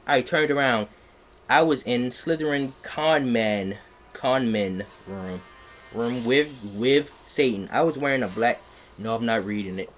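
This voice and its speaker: Man, unhurried live-stream reader, exasperated, stops to mock the text he reads. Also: mid-range voice, fairly bright tone, slight background noise. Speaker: live streamer reading aloud. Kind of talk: comedic dramatic reading of a fan fiction. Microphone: computer microphone on a live stream.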